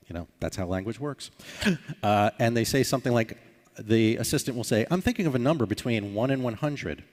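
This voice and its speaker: A man giving a conference talk, explaining and acting out short sample dialogues. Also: lowish voice. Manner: explanatory, acts out sample dialogues with filler sounds. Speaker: conference speaker. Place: conference hall. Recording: hall reverb.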